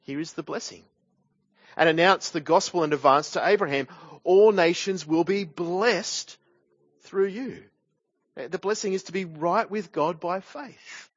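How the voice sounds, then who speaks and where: A man's voice: high voice, measured pace, no echo, dull audio. Man preaching with rhetorical tag questions. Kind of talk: sermon.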